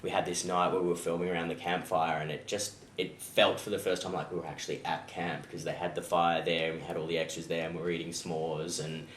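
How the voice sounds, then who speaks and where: A man's voice: low-pitched, flat delivery, quick pace, hardly any pauses, a bit bright. A young Australian man, an actor being interviewed, answering casually and easygoingly with frequent ums. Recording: echoey room with faint noise.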